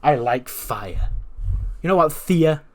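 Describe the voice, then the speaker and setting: A haughty woman wrestler, as a man voices her, smug and condescending in every line. She drawls some words slowly and then rises in pitch. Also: lively intonation, darkish tone.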